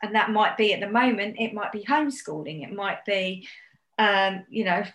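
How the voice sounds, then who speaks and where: Woman coach on a podcast, brisk and encouraging, echoey room. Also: mid-range voice, a bit bright. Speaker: business coach guest. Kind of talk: casual interview chat. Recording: roomy echo.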